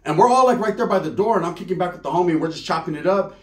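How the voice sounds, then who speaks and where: A man's voice: high voice, racing, echoey room. A man telling a crude comic story in slangy, profane speech. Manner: slangy, profane, acts out voices of people in the story.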